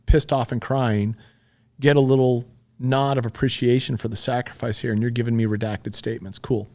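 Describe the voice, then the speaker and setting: A man's voice: medium pitch, a little mellow. Casting: man in his fifties, mid-range voice, blunt and profane storyteller on a podcast. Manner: blunt and profane, retelling events with heat. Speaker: podcast guest. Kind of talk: conversational storytelling.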